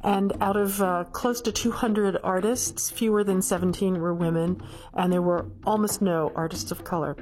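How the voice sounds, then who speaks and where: A woman telling how things stood in the art world, in a measured, matter-of-fact way. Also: lowish voice, fairly even intonation, a little mellow. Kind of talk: recounting history in a clip.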